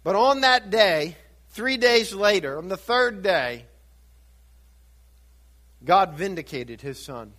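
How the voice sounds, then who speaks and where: A pastor with a high, fairly bright voice and lively intonation speaks slowly, pausing often. His sermon teaches through scripture with rhetorical questions he answers, building to fervent emphasis.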